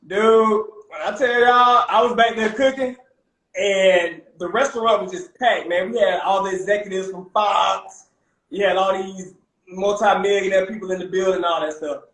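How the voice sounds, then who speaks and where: Young male chef guest, lively slangy storyteller, higher-pitched voice, roomy echo on the mic. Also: normal speed. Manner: animated, peppers talk with "man" and "bro". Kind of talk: casual storytelling.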